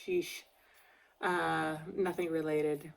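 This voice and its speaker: In a casual personal vlog, a woman opens up candidly, emotional, a bit tearful, and rambling. Her low-sitting voice is creaky, with a flat delivery and a very slow pace.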